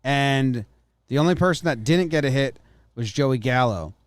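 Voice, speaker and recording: A man's voice: medium pitch, animated, moderate pace, no echo. A man co-hosting a sports podcast, casually teasing his partner and reading out game stats. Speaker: podcast co-host.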